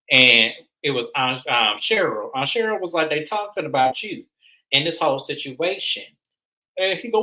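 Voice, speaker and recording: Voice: medium pitch, fairly quick, bright, forceful tone, poor audio. A host recapping a reality show episode in casual, opinionated commentary, repeating points for emphasis.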